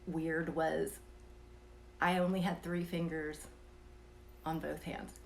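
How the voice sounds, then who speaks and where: A woman telling a personal story in a casual, soft-spoken way, sometimes dropping to a whisper and chuckling between thoughts. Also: low voice, level tone, slow pace, gravelly, slight background noise. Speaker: vlogger telling a personal experience.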